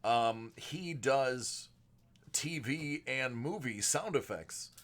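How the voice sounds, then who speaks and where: A man hosting a live card-break stream, chatting casually with viewers and moving between a projected announcer voice and a softer everyday voice. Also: medium pitch, expressive, drawn-out words. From United States. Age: adult with a young son. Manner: chatty, answers viewers by name.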